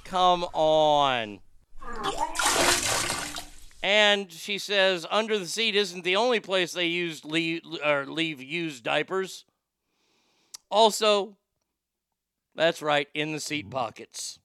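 A man hosting a comedic podcast, reading stories and ranting, with sudden loud outbursts and quiet muttered asides. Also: a little high, fairly even intonation, unhurried, hardly any pauses, heavy background noise. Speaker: show host.

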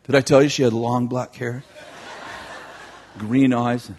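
A man telling a long story in a sermon, animated, with joking asides to his audience. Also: medium pitch, a little slow, slight background noise. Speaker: youth teacher.

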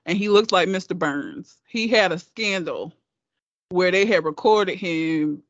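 A woman's voice: fairly low pitch, unhurried, no echo. A woman telling a story in casual chat, cursing freely and laughing often. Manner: profane, laughing, animated storyteller. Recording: slightly muffled, dry.

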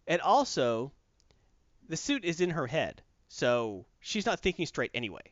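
A man co-hosting a casual chat, telling a story in an animated way and acting out characters. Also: a little high, a little slow, dry recording, muffled recording. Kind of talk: casual comic book chat.

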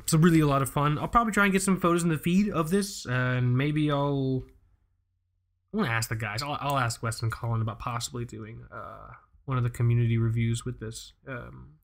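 A young adult man hosting a podcast, chatting casually and telling a story full of restarts. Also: medium pitch. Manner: rambling, storytelling with many restarts. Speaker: podcast host. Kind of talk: casual chat.

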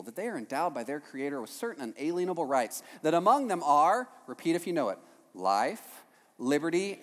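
A male pastor delivers a sermon in a high, buoyant voice that rises and falls with wide swings. He keeps checking in with the congregation and drops playful asides. His words ring out with a long tail of reverb in a church hall. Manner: animated, keeps asking the crowd "right?", jokey asides.

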